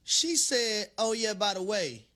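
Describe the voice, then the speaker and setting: Hyped-up high-voiced man preaching sports talk. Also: animated, measured pace, very noisy. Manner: preacher-like hype, sing-song and shouty. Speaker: sports radio co-host. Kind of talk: animated sports radio banter.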